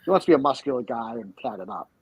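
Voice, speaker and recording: A man's voice: medium pitch, animated, fast, darkish tone, husky, no echo, rough recording. A man hosting a podcast, telling a rambling, profane and spiteful story in crude casual banter. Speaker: podcast host.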